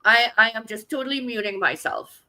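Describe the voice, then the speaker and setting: A woman's voice: fairly high pitch, animated, normal speed, sharp tone, rough recording. A woman hosting a live online book show, talking in an upbeat, earnest, emphatic way over a video call.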